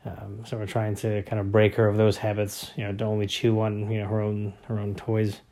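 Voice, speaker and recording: A father in his thirties talks casually about home life, wandering from thought to thought with plenty of fillers. His voice sits low and stays fairly level in pitch. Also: monotone, fairly quick, dark tone. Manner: rambling, many fillers and restarts. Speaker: father of young boys. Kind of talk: casual family vlog talk.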